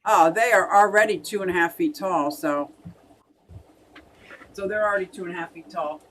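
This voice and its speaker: A woman's voice: lowish voice, normal speed, a bit bright, far from the mic, a little hiss or hum, rough recording. A woman co-hosting a casual fish hobby live stream, chatting and laughing as she reads out viewer comments.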